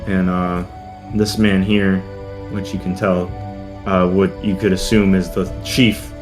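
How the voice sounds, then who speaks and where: A man's voice: low-pitched, flat delivery, measured pace. A man narrating as dungeon master in a tabletop game, rambling with fillers and restarts. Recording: music playing behind.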